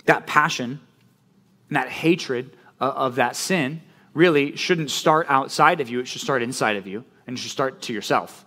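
A man preaching a sermon as pastor, animated and conversational, often checking in with "right?". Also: medium pitch, moderate pace.

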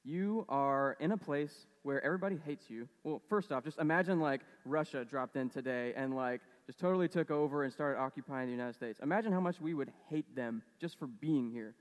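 A man's voice: mid-range voice, fairly quick, few pauses, in a large hall. A man preaching a casual sermon, conversational and storytelling, with lots of fillers. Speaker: pastor.

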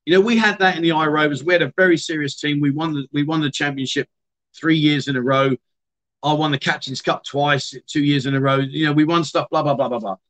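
A man's voice: a little high, steady tone, brisk, fairly bright tone. A middle-aged British man hosting a casual livestream, chatting loosely with viewers, often trailing off and restarting his sentences. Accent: British English. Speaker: livestream host. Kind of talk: casual livestream chat reading viewer comments. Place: home streaming room.

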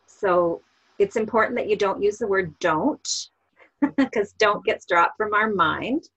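A woman coach explaining parenting techniques calmly on a podcast, giving examples as she goes. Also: medium pitch, slow, lo-fi sound. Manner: calm, explanatory, gives examples. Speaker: NLP coach guest. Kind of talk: podcast interview.

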